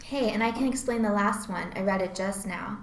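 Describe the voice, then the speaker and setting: A woman's voice: medium pitch, brisk, slight background noise. Eager woman student in an echoey room. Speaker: student presenter. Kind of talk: reading a scripted class presentation.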